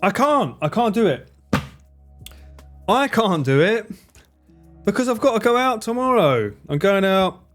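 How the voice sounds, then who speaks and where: A man streaming games in casual commentary, excitable, swearing freely and laughing often. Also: sits high, unhurried, long pauses, soft background music.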